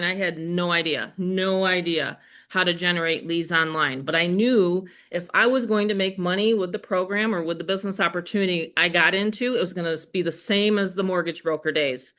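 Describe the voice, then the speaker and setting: An older woman with a Western New York accent hosts a live webinar sales pitch, talking directly to her audience in a chatty, upbeat manner. Her voice comes across pushed and bright.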